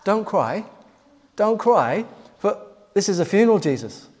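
A man's voice: sits high, big pitch swings, a little slow, darkish tone, pitched above the performer's own voice. A preacher putting on an incredulous protesting man. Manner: indignant, protesting questions. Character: incredulous man questioning a command. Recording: long hall reverb.

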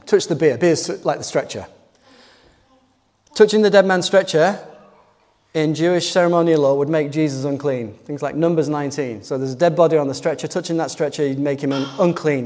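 A man's voice: a little high, a little mellow. A man preaching a sermon, retelling a passage in an earnest storytelling manner with rhetorical questions. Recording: long hall reverb.

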